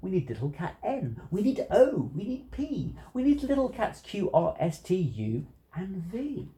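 Storybook cat in a hat, put on by a reader, boastful trickster, singsong rhymes, swooping pitch, mellow tone. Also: huge pitch swings, unhurried, roomy sound. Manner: singsong rhyming delivery.

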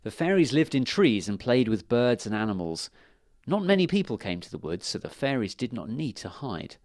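Male storybook narrator, very animated pitch, emphatic sing-song delivery, dry close recording. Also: normal speed, no room sound. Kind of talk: children's storybook reading.

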